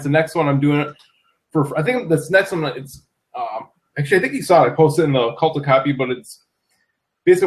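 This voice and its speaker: A man interviewing in a casual chat, asking long, halting questions. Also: a little high. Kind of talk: casual conversation.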